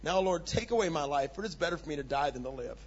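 A man preaching a sermon, swinging from low, hushed asides to loud, urgent peaks. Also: animated, fast talker, muffled recording, slight background noise. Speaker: pastor.

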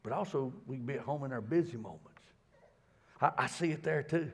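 A middle-aged man preaching a sermon in a folksy, stammering way, dropping to a hush and then building loud. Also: mid-range voice, fairly quick, breathy edge. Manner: folksy, repeats words, swings from hushed to loud. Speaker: pastor.

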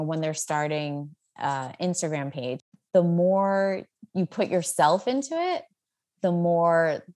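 A woman in her thirties, a guest in a casual interview, talking in an upbeat, chatty way full of fillers and laughter. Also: low-pitched. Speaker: guest, social media creator.

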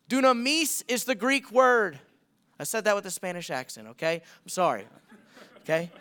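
Bright, clear-voiced guest preacher man. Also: extremely high pitch. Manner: earnest, building to emphatic repeated calls. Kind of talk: sermon.

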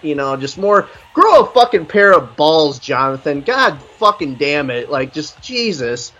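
A man's voice: a little high, measured pace, hardly any pauses. Foul-mouthed ranting man. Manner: profane, blunt ranting; animated storytelling. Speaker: podcast co-host reviewing an album. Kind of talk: casual podcast chat.

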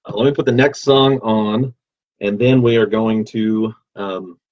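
Male stream host, low voice, easygoing and rambly as he reads comments, muffled lo-fi audio. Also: steady tone, a little slow. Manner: rambling, easygoing, many fillers. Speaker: livestream host reading viewer comments. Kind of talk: casual chat. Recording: dull lo-fi sound.

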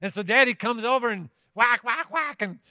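Brief: emphatic man preaching, high and bright, close dry mic. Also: animated, moderate pace, no room sound. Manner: emphatic, with rhetorical questions to the congregation. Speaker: pastor. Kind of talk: sermon.

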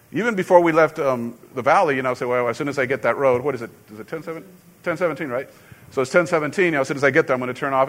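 A middle-aged pastor delivers a sermon in a mid-range voice, talking conversationally and telling stories, then breaking into sudden loud emphasis.

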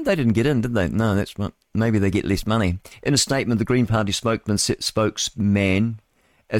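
A male radio host with a lowish voice does solo talk radio commentary, reading news items and tacking on rambling, mocking remarks with chuckling asides. There's no echo.

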